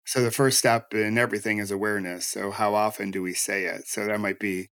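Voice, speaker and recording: A man's voice: fairly low pitch, fairly even intonation, fairly quick, fairly bright tone, dry recording. A man hosting a podcast interview, reflective and earnest, talking in long flowing thoughts. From United States. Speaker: podcast host. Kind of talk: conversational interview.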